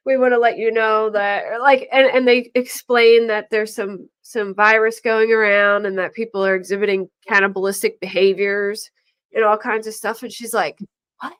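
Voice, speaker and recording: Chatty woman host, animated storytelling. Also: medium pitch, normal speed, clean tone. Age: middle-aged. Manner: animated storyteller, acts out quoted voices. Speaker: true crime podcast host. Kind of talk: casual chat.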